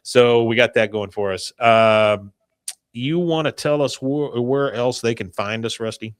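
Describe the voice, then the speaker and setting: A man's voice: medium pitch, unhurried, clean tone, dry recording. A man hosting a podcast, casually recapping a cartoon episode in a rambling, profane way with chuckling asides. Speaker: podcast host.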